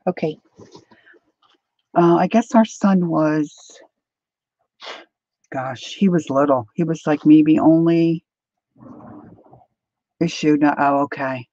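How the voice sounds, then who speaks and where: A woman's voice: deep voice, takes it slowly, long pauses, mellow, no echo. A middle-aged woman hosting a craft livestream, chatting casually and rambling through stories while she talks to viewers by name. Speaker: craft channel host. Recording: dull lo-fi dry home recording.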